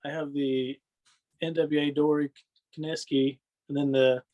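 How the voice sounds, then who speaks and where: A man chatting as a podcast guest, his voice sitting a bit higher than most men's. He rambles through loose stories and keeps checking in with "you know what I mean", laughing now and then. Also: flat delivery, measured pace, dark tone, highs cut off. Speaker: podcast guest, wrestling fan. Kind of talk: casual storytelling chat.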